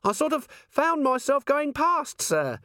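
A man's voice: high-pitched, sing-song, measured pace, a bit bright, no room sound, studio quality, voice pushed up, full character voice. A man voicing a timid young female dwarf corporal in an audiobook, nervous and apologetic. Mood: frightened.

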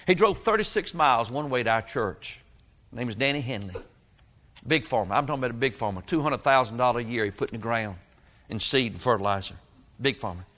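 Male preacher, folksy storyteller, ordinary middle pitch. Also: animated, fast, fairly bright tone. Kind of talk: sermon.

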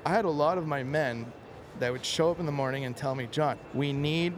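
A man's voice: a little high, quick pace. A man from the Montreal area, a contractor, telling rambling stories in a casual interview and often tossing in "okay" and "like". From Montreal area, Canada. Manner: animated, rambling storyteller, fills with "okay" and "like". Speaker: contractor guest. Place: trade show floor. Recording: crowd noise of a busy trade show. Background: crowd chatter.

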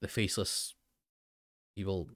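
Man, low voice, dry close sound, rambling recap host, lots of restarts. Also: fairly even intonation, a little slow, fairly bright tone, dry recording. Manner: rambling, many fillers and restarts. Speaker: show host recapping an episode. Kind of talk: casual commentary.

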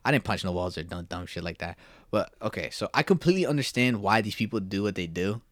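A man's voice: on the low side, lively intonation, fast, a bit bright, no echo, studio quality. A young man co-hosting a casual podcast, rambling with lots of fillers and swearing. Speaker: podcast co-host. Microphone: podcast mic.

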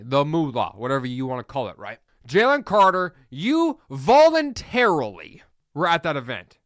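Podcast host, man, fired-up blunt ranter, smooth higher voice, dry close mic. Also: a bit bright, dry recording. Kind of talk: opinionated solo podcast rant.

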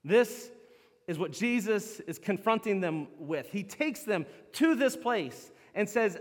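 A man preaching a sermon as pastor, animated, acting out the lines he quotes. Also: high voice, slow. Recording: long hall reverb.

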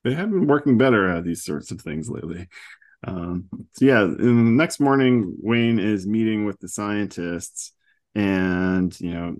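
A man's voice: on the low side, a little mellow. Chatty man recapping a comic. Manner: chatty, laughs often, acts out quotes. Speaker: podcast host. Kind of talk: casual comic book recap.

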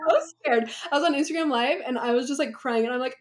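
A woman's voice: high-pitched, fast, background noise. A young woman talking as a podcast guest in a chatty, rambling way, laughing often. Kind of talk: casual conversation.

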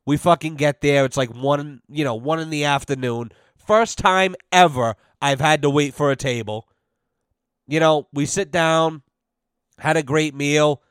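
A man hosts his podcast and tells a story, swearing freely and acting out both sides of each exchange. His voice sits a bit high and sounds smooth and clear, recorded close and dry. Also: unhurried, no room sound. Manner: profane, animated, acts out both sides of conversations. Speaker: podcast host. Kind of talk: casual storytelling monologue.

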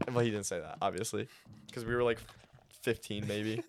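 A young man co-hosting a podcast, telling rambling stories in a relaxed, slangy way. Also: mid-range voice, brisk, clean tone. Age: young adult. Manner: laid-back, slangy, rambling storyteller. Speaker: podcast co-host. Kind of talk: casual chat.

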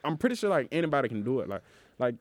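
Young mississippi guy, laid back southern drawl, bouncy pitch, dry close mic. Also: sing-song, racing, dry recording. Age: young adult. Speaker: co-host. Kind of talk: casual chat.

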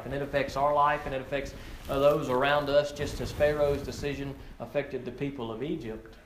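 A man preaching a sermon, earnest, often repeating words as he builds to emphatic, rising peaks and then drops low. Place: outdoor or open church setting with frog croaking nearby. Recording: echoey room with faint ambient noise.

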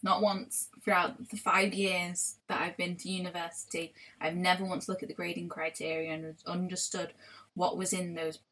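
A woman's voice: on the low side, little pitch movement, moderate pace, pushed and bright. A young woman co-hosting a podcast in casual chat, rambling and swearing with frequent restarts. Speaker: podcast co-host.

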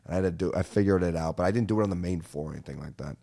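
Low-pitched, gravelly, and dark in tone, this young podcast host speaks in rapid-fire bursts. His casual comedic rant is animated, full of swearing, and everyone gets called "dude."

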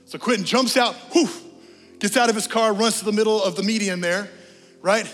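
A high-pitched man preaches a sermon from the pulpit, moving from animated storytelling to a soft, prayerful invitation. His voice carries a long church reverb, with faint music underneath. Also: moderate pace. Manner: animated storytelling, then a quiet prayerful altar call. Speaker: pastor. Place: church sanctuary.

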